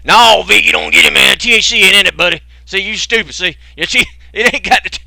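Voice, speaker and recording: A man's voice: high-pitched, brisk, creaky, pushed and bright, no room sound, voice pushed up, exaggerated voice. A man voicing a mocking young male pothead who is whiny, defensive and slangy. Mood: defensive whine. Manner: slangy, scolding.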